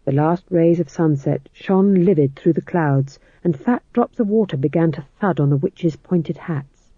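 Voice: mid-range voice, unhurried, husky, dry recording. An audiobook narrator reading a story in a dry, wry manner. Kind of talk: scripted narration. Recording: tinny phone-like audio, dry.

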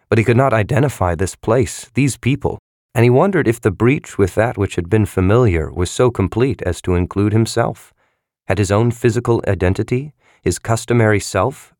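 A man reading a novel aloud as a narrator in a measured, even way. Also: fairly low pitch, no room sound, clean studio sound. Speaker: audiobook narrator. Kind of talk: scripted narration.

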